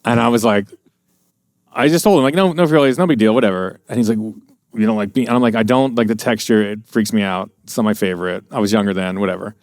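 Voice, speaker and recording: A man's voice: lowish voice, fast talker, darkish tone, no room sound, studio quality. A middle-aged American man telling profane, rambling anecdotes in a casual podcast chat. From USA. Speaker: podcast guest. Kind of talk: casual storytelling.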